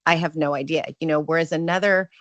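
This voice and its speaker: Brief: middle-aged woman guest, lively storyteller, dry close sound. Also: deep voice, fast, no echo, lo-fi sound. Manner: animated storyteller. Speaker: podcast guest. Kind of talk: casual podcast conversation.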